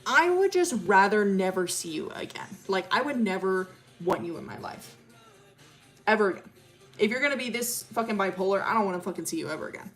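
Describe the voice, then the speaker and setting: A woman's voice: mid-range voice, animated, fairly quick, lightly acted. Girl doing a fed-up teen girl, blunt and swearing, over it, faint music under. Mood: cold. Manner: blunt, cursing, dismissive.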